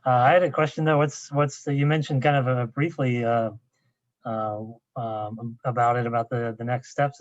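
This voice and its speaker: A man's voice: mid-range voice, dry recording. A man fumbles through his questions in an online seminar, hesitating and filling gaps as he goes. His voice comes over a dull, lo-fi line that sounds dry and close, with no room around it. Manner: hesitant, halting, many fillers. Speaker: seminar moderator. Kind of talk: moderating questions. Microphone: video call. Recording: dry, dull lo-fi call audio.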